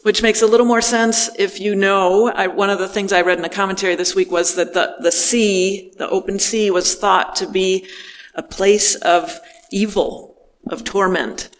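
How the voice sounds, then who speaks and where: A man preaching a reflective sermon, speaking gently with pauses between phrases. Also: high voice, steady tone, long reverb tail.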